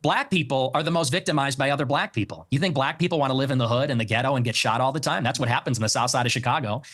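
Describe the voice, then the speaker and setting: A man's voice: mid-range voice, racing, fairly bright tone. A man answering interview questions in a provocative, mocking way. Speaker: interview guest.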